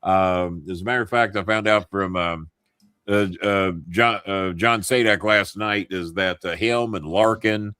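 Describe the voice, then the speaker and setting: A man's voice: on the low side, a little slow, bright, forceful tone, clear, resonant tone, no room sound, clean studio sound. A man hosting a live show, telling a loose, profane story full of fillers. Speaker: host. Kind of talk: casual live show chat.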